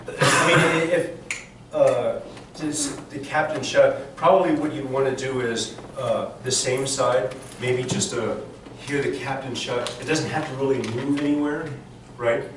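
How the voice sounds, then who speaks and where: A man's voice: medium pitch, fairly even intonation, measured pace. A man coaching a chorus rehearsal, often singing phrases to show how they should go. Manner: sings phrases to demonstrate, many restarts. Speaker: vocal coach. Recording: echoey room, mic far off, background noise.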